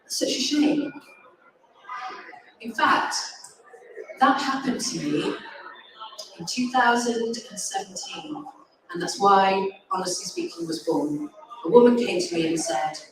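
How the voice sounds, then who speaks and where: A woman's voice: a little high, big pitch swings, measured pace, pauses often, background noise. A woman, a speaking consultant giving an enthusiastic, encouraging live talk to an audience. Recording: echoey, distant live room recording.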